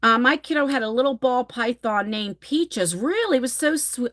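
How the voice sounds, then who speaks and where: Woman, forties, live-stream host, lively storyteller, slightly higher voice, casual cursing. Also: moderate pace, hardly any pauses. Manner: animated, dramatic storytelling, swears casually. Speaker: livestream host. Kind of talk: casual live-stream chat reading comments.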